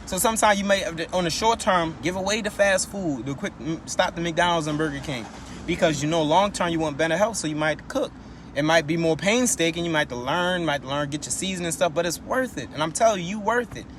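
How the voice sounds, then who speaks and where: A man with a high voice speaks in a loose, slangy motivational style, restarting and repeating phrases as he pushes his point. He sounds like he is outdoors, with faint traffic in the background. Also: fairly bright tone. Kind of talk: casual motivational talk.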